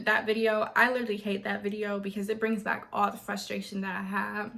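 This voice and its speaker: A young adult woman vlogger telling a story in a casual, animated way and acting out what others said. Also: medium pitch, brisk, creaky. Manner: animated, quotes others in voices.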